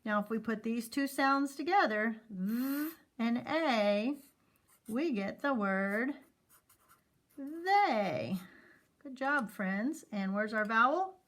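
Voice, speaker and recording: Slow, patient woman teaching phonics. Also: fairly high pitch, a bit bright. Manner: slow, clear sounding-out of letter sounds; encouraging teacher talk to children. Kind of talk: phonics lesson for young students.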